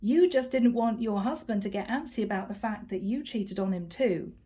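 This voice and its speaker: A woman's voice: medium pitch, animated, moderate pace, mellow. A woman giving a casual tarot reading to camera in a playful, teasing and slightly sarcastic manner. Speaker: tarot reader.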